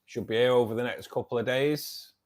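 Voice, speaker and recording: There's slight background noise as a man hosting an aquarium channel livestream chats with viewers at a fairly quick clip, his voice medium-pitched. He comes across friendly and hesitant, full of ums and restarts, calling people mate and buddy.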